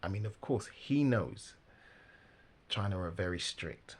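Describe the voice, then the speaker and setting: A man giving casual, animated religious commentary, laughing often and mimicking the people he talks about. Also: deep voice, measured pace, breathy edge.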